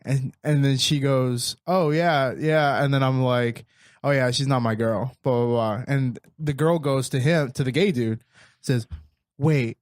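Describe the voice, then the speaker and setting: A man's voice: mid-range voice, steady tone, a little slow, dry recording, clean studio sound. A man co-hosting a podcast, telling stories in casual chat and laughing often. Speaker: podcast co-host.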